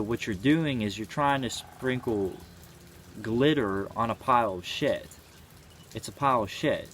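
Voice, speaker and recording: A vlogger in his twenties with a fairly low-pitched voice speaks casually and sincerely to camera, with a little hiss or hum audible. He rambles through his reflections, saying "you know" often and swearing now and then.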